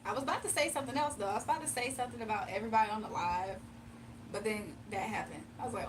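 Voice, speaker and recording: A US East Coast woman with a medium-pitched voice talks rapid-fire, far from the mic and with background noise. She's a tarot reader chatting casually on an early-morning live stream from home, often laughing and reading viewer comments aloud.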